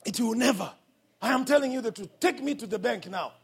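A Kenyan man preaches a fiery sermon at a church service, dropping to near-whispers and then shouting. His voice sits very high for a man, with a husky, breathy edge and gravelly fry underneath. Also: a little fast. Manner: impassioned preaching that swings between hushed asides and shouts. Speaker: pastor.

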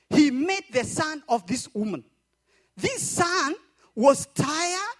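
A man preaching, his voice pitched very high. He tells a story to the congregation and keeps repeating phrases, pulling them into call-and-response. His delivery rises and falls in a lively way. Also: slow. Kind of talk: sermon with storytelling.

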